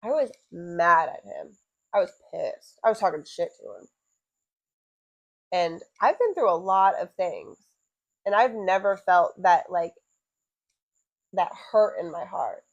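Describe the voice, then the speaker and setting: A young woman co-hosting a podcast, telling stories with animated energy and frequent swearing. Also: on the low side, a little slow, pauses often, no room sound, muffled recording. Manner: animated storytelling, often swearing and laughing. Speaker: podcast co-host, fighter's wife. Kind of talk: casual chat.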